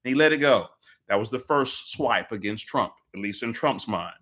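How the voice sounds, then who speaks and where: A man with a bright, forceful voice hosting a live political commentary show. He talks emphatically, leans on repeated phrases and slips into quick impressions of the people he quotes. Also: medium pitch, expressive.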